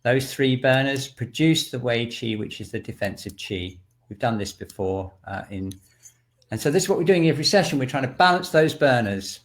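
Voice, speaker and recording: Man, shiatsu teacher, calm breathing instructions, video call, mid pitch. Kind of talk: guided self-shiatsu class online.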